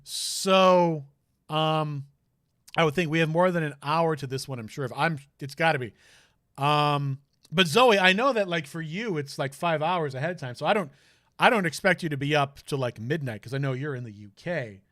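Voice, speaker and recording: A man's voice: on the high side, normal speed, fairly bright tone, no echo, clean studio sound. A man streaming a game, chatting casually and rambling with jokey asides. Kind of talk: casual let's-play commentary.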